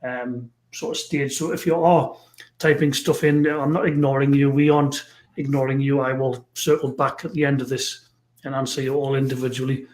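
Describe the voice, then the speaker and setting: A man hosting a live stream, chatting with a guest and reading out viewer comments in a halting, friendly way. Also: medium pitch, level tone, darkish tone. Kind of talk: casual interview chat. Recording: roomy echo.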